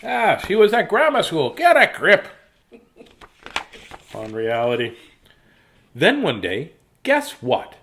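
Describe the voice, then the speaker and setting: A man's voice: a little high, huge pitch swings, measured pace, gravelly, a bit bright, a little hiss or hum. A man hosting a casual read-aloud of picture books for children, playful and jokey, with silly asides.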